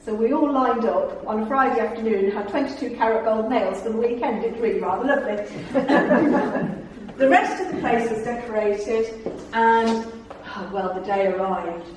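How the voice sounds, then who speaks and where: Her voice on the high side and darkish, a middle-aged woman gives a chatty guest talk at a club about working as a tour guide, full of theatrical anecdotes and laughter, at a moderate pace. In the very echoey meeting room she sounds distant from the mic, with a little hiss or hum.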